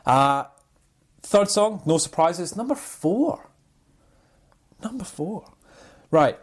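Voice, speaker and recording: Animated man telling stories. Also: high-pitched, takes it slowly. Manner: animated storyteller, acts out quoted people. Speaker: podcast co-host. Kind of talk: casual chat.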